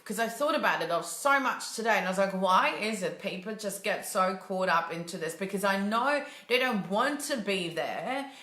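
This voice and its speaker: Bright emphatic woman coach in an echoey room. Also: medium pitch. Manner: casual, emphatic, acts out whiny quotes. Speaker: mindset coach. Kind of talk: motivational talk to camera.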